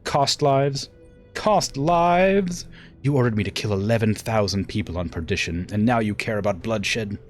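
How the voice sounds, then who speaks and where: A man's voice: lowish voice, brisk, few pauses, faint music behind, close to an everyday voice. A man reading a proud, ruthless young woman mech warrior aloud from a game in an English accent, defiant and clipped. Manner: fierce, defiant, clipped threats.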